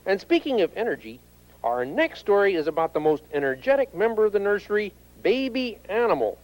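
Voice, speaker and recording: Animated high-voiced male storyteller. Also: a little fast, rough recording. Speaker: storybook narrator. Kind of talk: scripted read-aloud narration.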